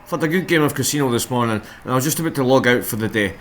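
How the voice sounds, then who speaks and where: A man's voice: medium pitch, racing, a bit bright, a little hiss or hum. A man chatting casually as a gaming vlogger, rambling and correcting himself as he goes. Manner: rambling, self-correcting, hesitant. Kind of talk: casual chat to camera.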